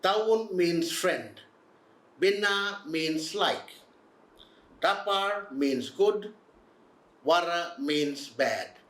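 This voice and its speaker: Male language teacher, patient drill delivery, slightly high voice, roomy echo. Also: lively intonation, extremely slow, long pauses, a bit bright. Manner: patient, repeats each word for learners. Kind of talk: slow instructional drilling.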